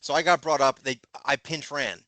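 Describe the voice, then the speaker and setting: A man's voice: fairly high pitch, fairly even intonation, moderate pace, sharp tone, dry recording. A man co-hosting a casual sports podcast, speaking bluntly, swearing freely and poking fun at himself. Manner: blunt, profane, self-deprecating. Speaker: podcast co-host. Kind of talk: casual chat.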